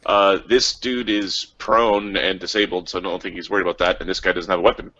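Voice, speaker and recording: A man's voice: low voice, fairly even intonation, a little fast, bright, forceful tone, highs cut off. A man playing a tabletop game, talking casually and cursing now and then. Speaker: player.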